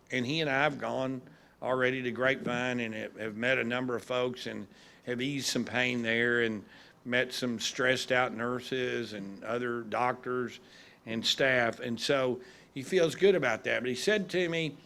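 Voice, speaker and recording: A man's voice: mid-range voice, steady tone, a little slow, vocal fry, pushed and bright. A man, a judge giving a folksy, humorous speech at a graduation ceremony.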